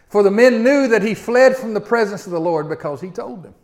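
A middle-aged man preaching a sermon. He speaks in a folksy, animated way and often turns to address the listeners directly. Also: high-pitched, a little fast.

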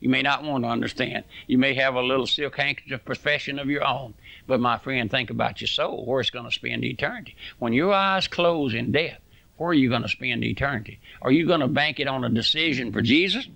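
A man's voice: mid-range voice, brisk, vocal fry, sharp tone, dry recording. A man preaching a fiery radio sermon, impassioned and folksy, full of homespun sayings.

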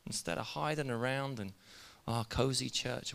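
A man preaching in an energetic, chatty way, with asides to his church. His voice is bright and forceful, and the long reverb of the hall trails after his words. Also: medium pitch, unhurried, creaky. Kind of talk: sermon.

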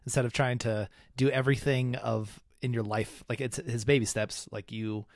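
A young man co-hosting a casual podcast, musing in rambling, halting sentences before asking a question. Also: medium pitch, steady tone, no echo, clean studio sound. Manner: rambling, halting, many restarts. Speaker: podcast co-host.

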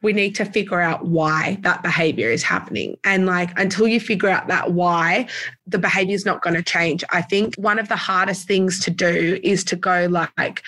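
A woman, co-hosting a casual parenting chat, lively and acting out talks with her child. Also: fairly low pitch, normal speed. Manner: chatty, animated, acts out dialogue with her child. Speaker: podcast co-host, parenting coach.

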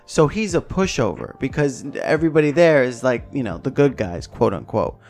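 A man's voice: mid-range voice, sing-song, moderate pace, a little mellow. Podcast host guy, chill rambling chat, swears a lot, laughs a bunch, bit of music under it. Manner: loose and rambling, swears freely, laughs often. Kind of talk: casual chat.

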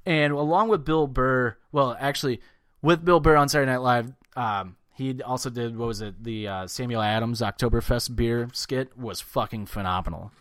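This podcast co-host, a man, speaks in a mid-range voice at a moderate pace over clean studio sound with no room sound. Chatting casually, he's loud and crude, swears often and now and then slips into mocking voices to mimic people.

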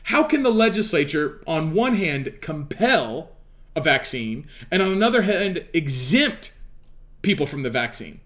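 A man's voice: a little high, very animated, a little slow, a bit bright. A man giving an explanatory talk on law as a commentator, emphatic and lecturing, firing off rhetorical questions. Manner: preachy, lecturing. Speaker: legal commentator.

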